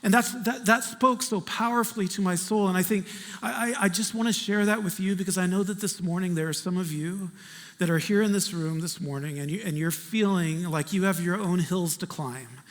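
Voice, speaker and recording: A male pastor preaching a storytelling sermon in a conversational, animated way, swinging between loud and hushed. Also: sits high, brisk. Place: church sanctuary. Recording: reverberant church hall.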